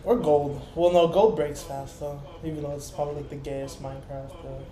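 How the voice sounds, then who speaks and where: With a fairly high pitch, fairly even intonation and a dark tone, a man talks at normal speed in a reverberant space. As a podcast co-host he chats casually, telling a rambling, swear-filled story and acting out the voices he quotes.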